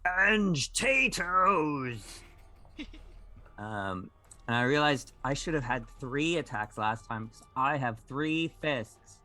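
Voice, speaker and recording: Bright-voiced, slow-talking man player. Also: medium pitch. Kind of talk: casual play at a tabletop game.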